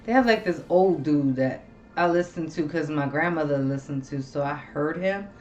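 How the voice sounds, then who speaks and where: A woman hosting a loose, casual talk show, telling stories in a blunt, animated, profane way. Her voice comes through a slightly dull, lo-fi recording with faint noise behind it. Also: sits low, moderate pace. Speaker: host. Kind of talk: casual chat.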